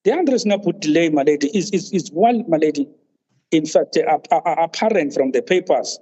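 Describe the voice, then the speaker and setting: A man, counsel at a tribunal, making a formal legal argument, deferential and halting, saying "my lady" at almost every turn. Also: on the high side, expressive, mellow, slightly rough. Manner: deferential, says "my lady" constantly, halting restarts. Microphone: video call. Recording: muffled video-call audio.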